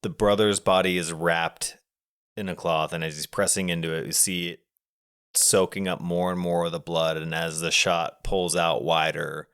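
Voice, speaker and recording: Deep, smooth-voiced man describing scenes. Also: moderate pace. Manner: explains shots in long, relaxed run-on sentences. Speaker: podcast co-host. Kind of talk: casual movie review chat.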